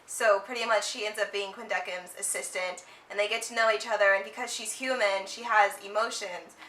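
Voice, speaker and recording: A young woman co-hosting a casual chat, retelling a story in a relaxed way with giggles and fillers. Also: medium pitch, fairly quick, slight background noise. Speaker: co-host. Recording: echoey room.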